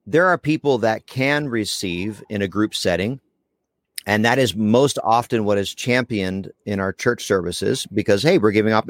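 A man's voice: on the low side, no echo. A man speaking as a guest on a casual podcast, rambling and correcting himself with dry jokes. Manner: rambling, self-correcting, joking.

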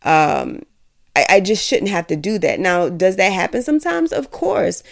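A woman's voice: fairly low pitch, very animated, normal speed, creaky. A woman hosting a solo podcast, giving candid, emphatic and rambling opinions. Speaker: podcast host.

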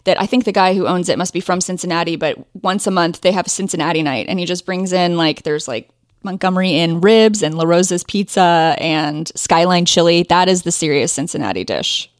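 A woman's voice: fairly low pitch, brisk, few pauses, dry recording. Chatty Midwestern American woman, dry sound. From Ohio, USA. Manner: friendly, chatty, laughs easily. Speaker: guest, knitwear designer. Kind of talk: casual interview chat.

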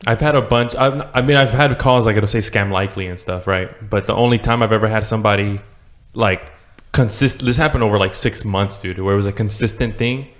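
A man in casual chat who talks in slang, saying "dude" and "bro" a lot. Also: on the low side. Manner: fast talker, says "dude" and "bro".

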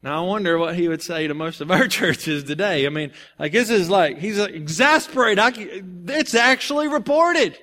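A male preacher giving a sermon, telling a personal story and then reading and explaining scripture in an animated, conversational way. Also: on the high side, a little fast, few pauses.

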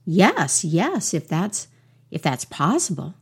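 A woman's voice: on the low side, big pitch swings, takes it slowly, breathy edge, heavily acted. A woman voicing a small, timid male mouse who stammers in a storybook tale.

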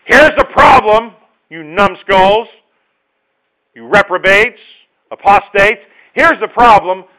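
A man's voice: high-pitched, wildly swooping pitch, fast talker, hardly any pauses, voice pushed up, exaggerated voice. A man voicing God as an indignant ruler scolding his rebellious people, in a slightly dull recording. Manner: loud, exasperated rebuke.

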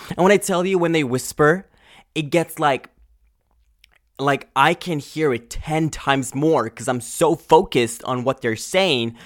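Young male podcast host, animated sweary rant, mid-pitch voice, dead dry room. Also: no echo. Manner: animated, swears a lot, trails off and restarts. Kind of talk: casual ranting monologue.

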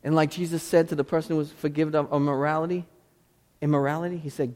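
Man preaching in a church, high voice, goes from loud pleading to real quiet, big echo. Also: steady tone, fast. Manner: passionate preaching, swings from pleading cries to hushed intensity. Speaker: pastor. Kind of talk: sermon. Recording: long hall reverb.

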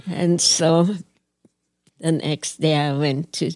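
An older woman from Hawaii slowly telling a personal story from her childhood, with an earnest, gently reflective manner. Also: sits low, fairly even intonation, no echo. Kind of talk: personal reminiscence.

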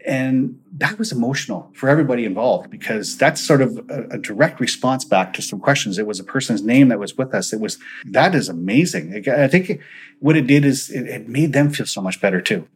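A man's voice: medium pitch, lively intonation, brisk, husky, rough recording. A man, a paranormal investigator, earnestly recounting his investigations in an interview and acting out the dialogue he quotes.

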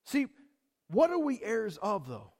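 A man preaching a sermon in a conversational, animated way, asking the congregation questions. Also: sits high, a little slow. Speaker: pastor.

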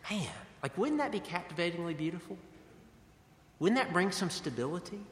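A man's voice: high-pitched, sing-song, moderate pace. A man preaching a sermon as pastor, earnest and conversational, in a church sanctuary. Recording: echoey hall with long reverb.

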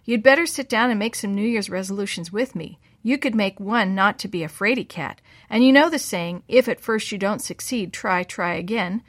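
A woman's voice: mid-range voice, moderate pace, few pauses, dry recording, studio quality, lightly acted. A woman reading aloud and voicing a teasing, take-charge boy who gives firm, reassuring orders. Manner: bossy, reassuring. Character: steady, teasing older brother, a boy.

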